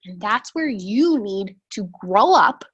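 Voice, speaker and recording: A young woman giving a blunt, animated motivational talk to her sales team over a video call, rambling with lots of fillers. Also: medium pitch, slow pace, husky, muffled recording.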